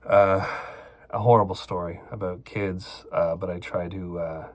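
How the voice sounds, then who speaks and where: A man's voice: low voice, steady tone, a little slow. A man hosting a show, telling a personal story in a casual, profane, rambling way with lots of fillers. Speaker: podcast host.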